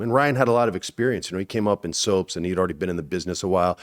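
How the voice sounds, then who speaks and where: A man in his forties, an actor as interview guest, telling stories casually and acting out quotes with sudden high bursts. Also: very fast, few pauses.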